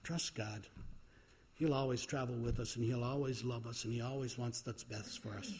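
A man's voice: mid-range voice, steady tone, moderate pace, darkish tone. A man as pastor, preaching a sermon in a folksy way with frequent fillers.

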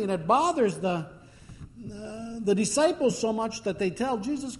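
A male preacher tells his stories in a relaxed, chatty way, often pausing with fillers. His fairly high voice carries a long hall reverb, as if he is speaking in a church. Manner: conversational storytelling with fillers. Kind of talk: sermon.

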